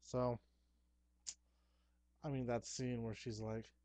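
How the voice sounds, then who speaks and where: Young man, excitable casual vlog chat, mid pitch, dry close sound. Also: normal speed, no echo. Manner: chatty, excitable, with fillers and playful asides. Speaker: horror movie vlogger. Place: dim room at home.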